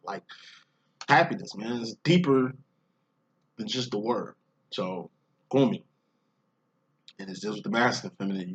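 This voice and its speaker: A man's voice: medium pitch, fairly bright tone. A man giving a casual spiritual monologue as a twin flame reader, talking in rambling, profane street slang. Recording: dull lo-fi audio.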